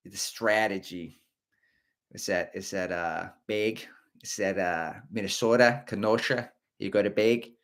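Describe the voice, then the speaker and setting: A man's voice: lowish voice, measured pace, fairly bright tone. A middle-aged man hosting a casual livestream, rambling and chatty as he reads out viewer comments. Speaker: host of a running livestream.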